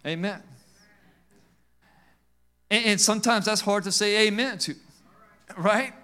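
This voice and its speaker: A male pastor preaching a sermon with call-and-response amens, swinging between emphatic and quiet passages. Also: high-pitched, unhurried, long pauses, clear, resonant tone.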